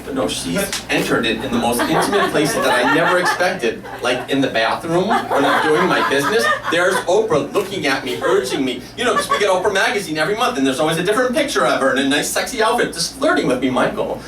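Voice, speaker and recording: A man's voice: a little high, lively intonation, fast talker, hardly any pauses. A man performing a self-deprecating comic story live at a small café, laughing through his lines. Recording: roomy live room from a distance, faint noise.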